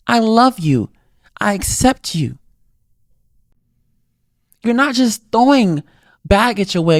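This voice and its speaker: A man hosting his own podcast, giving an earnest, reflective solo motivational talk with lively pitch swings. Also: no room sound, clean studio sound. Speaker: podcast host.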